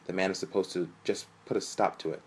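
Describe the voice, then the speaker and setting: A man's voice: low voice, steady tone, fast, darkish tone, a little hiss or hum, close to an everyday voice. A man reading aloud, voicing a sweet, teasing young woman with a Persian accent in a spoken story. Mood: explaining. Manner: matter-of-fact, teasing. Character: sweet young woman girlfriend, coy, traditional.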